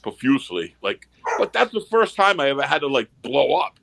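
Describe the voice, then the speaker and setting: A man's voice: mid-range voice, very animated, fairly quick, creaky, fairly bright tone. A man telling rambling, profane stories in a casual backstage chat.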